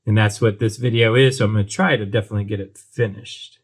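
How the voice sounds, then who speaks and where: A man's voice: on the low side, steady tone, quick pace, slightly rough. A man casually talking through a model kit build at his workbench, thinking aloud with frequent ums and restarts. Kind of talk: casual build tutorial talk. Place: workbench at home.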